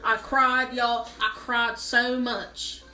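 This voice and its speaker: A woman's voice: a little high, takes it slowly, music in the background. A woman performing a comic monologue, telling a spoiled, self-pitying story with a straight face. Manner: mock self-pitying, deadpan exaggeration. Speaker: comedic storyteller. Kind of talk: mock-dramatic comic monologue. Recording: roomy echo.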